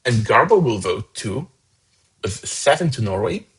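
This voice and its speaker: A man's voice: lowish voice, big pitch swings, measured pace, fairly bright tone, breathy edge, poor audio. A man hosting a fan song contest, casually reading out each voter's points with chatty asides. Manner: casual, chatty, upbeat about scores. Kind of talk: live commentary reading out votes.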